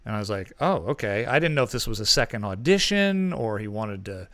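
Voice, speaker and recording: A man's voice: fairly low pitch, big pitch swings, fairly quick, fairly bright tone, dry recording, studio quality. A man co-hosting a podcast, telling a long rambling anecdote in casual chat. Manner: rambling anecdote with many fillers and restarts. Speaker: podcast co-host.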